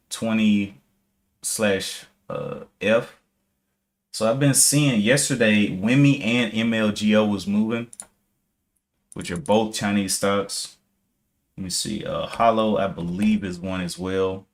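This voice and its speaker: A man streaming live day trading, casually thinking aloud, reading out viewer comments and correcting himself as he checks charts. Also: lowish voice.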